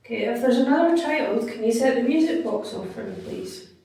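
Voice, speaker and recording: Woman asking spirit questions, high lively voice, far off, heavy echo, noisy. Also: a little fast, vocal fry. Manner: coaxing, politely asking questions. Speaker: investigation team member. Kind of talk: spirit-calling session. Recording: distant, very echoey, noisy.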